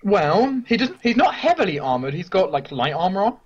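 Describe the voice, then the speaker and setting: A man narrates a tabletop game as game master, fast and stumbling through restarts. His voice is slightly husky and raised, and the recording sounds dull and muffled. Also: high voice, big pitch swings. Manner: quick, with restarts.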